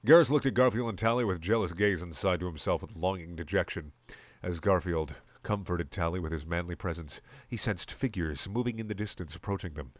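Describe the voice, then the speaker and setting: A man giving a mock-serious dramatic reading, deadpan, who swears at his own slips. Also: low voice, a little fast, no room sound. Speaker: reader of comedy fan fiction.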